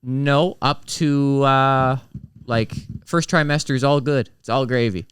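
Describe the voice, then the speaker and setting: A man, a comedian guest, trading sardonic deadpan jokes in podcast banter. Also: mid-range voice, measured pace, smooth, dry recording, clean studio sound. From Canada.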